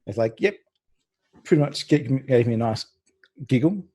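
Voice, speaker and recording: Husky-voiced man telling a rambling story. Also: mid-range voice, lively intonation, moderate pace, dark tone. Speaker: stream co-host. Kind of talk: casual chat.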